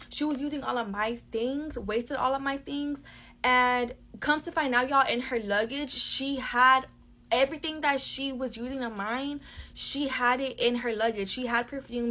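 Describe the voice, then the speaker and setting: A woman's voice: on the high side, bright, forceful tone. A young woman telling a casual storytime to a phone camera, blunt and profane with constant "like" fillers.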